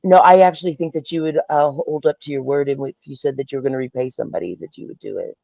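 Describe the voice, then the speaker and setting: Gravelly caller guy on a dull line. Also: medium pitch, fast, a little mellow, no room sound. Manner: rambling, hesitant, searching for words. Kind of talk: casual chat.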